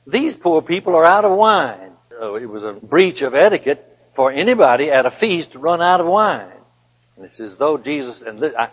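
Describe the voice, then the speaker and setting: A male preacher delivers an emphatic sermon, reading scripture aloud and repeating his phrases slowly for weight. His voice sits a bit high and sounds husky. The recording is dull and lo-fi, with a long reverb from a large hall.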